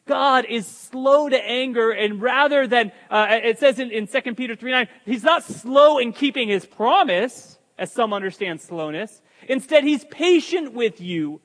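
A man's voice: extremely high pitch, fairly bright tone. A man preaching a sermon as pastor, emphatic, with joking asides to the congregation. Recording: long hall reverb.

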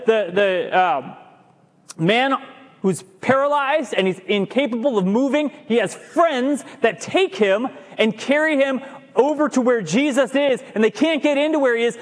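A man preaching a sermon as pastor, animated, drawing out key words and sometimes stumbling over himself. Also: extremely high pitch. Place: church sanctuary. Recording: long hall reverb.

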